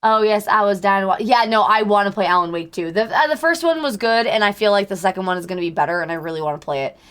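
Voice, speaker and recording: A woman's voice: mid-range voice, quick pace, fairly bright tone, smooth. A young woman streamer with a sick, strained voice, chatting in a rambling way and greeting her viewers by name. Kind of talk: casual live-stream chat with viewers.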